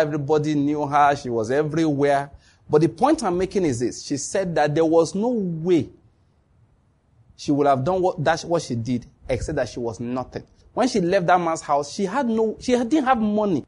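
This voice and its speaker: A man preaching a sermon, telling stories with lively acted-out dialogue and frequent laughter. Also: fairly high pitch, breathy edge. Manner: animated storytelling, laughs often, acts out dialogue.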